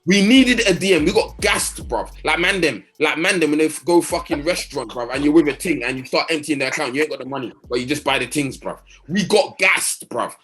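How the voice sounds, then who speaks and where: A man's voice: on the high side, expressive, fast, few pauses, fairly bright tone. A young man ranting about football, fired up and swearing, firing off rhetorical questions. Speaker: co-host. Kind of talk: heated casual football rant.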